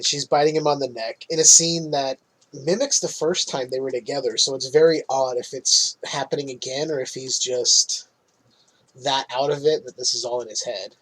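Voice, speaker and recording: A man's voice: mid-range voice, a bit bright, poor audio. A man hosting a podcast, chatting casually through a movie recap, swearing freely and laughing often. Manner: swears freely, laughs at his own jokes. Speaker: podcast host.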